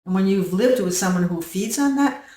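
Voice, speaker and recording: A woman hosting her own channel, giving a slow, earnest self-help talk that she drifts into softly. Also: medium pitch, lively intonation, far from the mic. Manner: slow, earnest, storytelling with soft dips in volume. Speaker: channel host. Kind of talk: reflective self-help monologue. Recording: roomy echo, voice set back from the mic.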